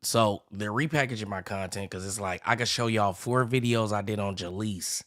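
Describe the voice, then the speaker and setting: A man's voice: lowish voice, moderate pace, a bit bright. A man hosting a reaction commentary channel, ranting with indignant energy while playing clips.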